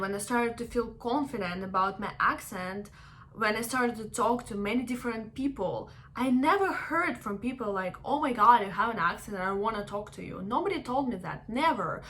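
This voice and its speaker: Bright-voiced woman vlogger. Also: medium pitch, a little hiss or hum. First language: not English. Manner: chatty, earnest, acts out quotes of others. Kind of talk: casual advice vlog.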